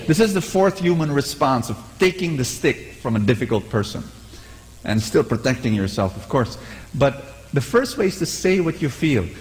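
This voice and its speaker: Animated male preacher in a reverberant hall. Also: medium pitch, moderate pace, slight background noise. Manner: animated, conversational, asks crowd to repeat. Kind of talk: sermon.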